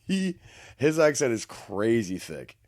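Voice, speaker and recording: A man's voice: mid-range voice, sing-song, slow, a little mellow, dry recording, studio quality. A man co-hosting a podcast, talking in a crude, joking way and laughing easily. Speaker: podcast co-host. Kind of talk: casual chat.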